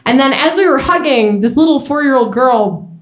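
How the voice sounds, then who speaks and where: Young female stand-up comic, animated storyteller, roomy club mic. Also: high-pitched. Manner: animated storytelling, quick asides. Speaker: stand-up comedian. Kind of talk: stand-up set. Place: comedy club stage. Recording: roomy club with faint noise.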